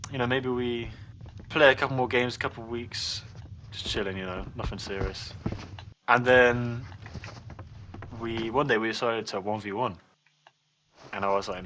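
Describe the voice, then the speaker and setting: A man's voice: mid-range voice, steady tone, moderate pace, long pauses, bright, forceful tone. A man in his twenties telling a rambling story in a late-night party chat, full of fillers and swearing. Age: 20s. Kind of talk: casual chat. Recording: noisy background ambience.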